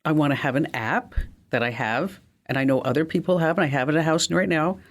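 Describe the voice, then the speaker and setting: A woman hosting a tech call-in radio show, animated and jokey, with a slight New Jersey accent. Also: quick pace. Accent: semi-New Jersey. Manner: animated, jokey, big pitch swings. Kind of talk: lively call-in radio chat.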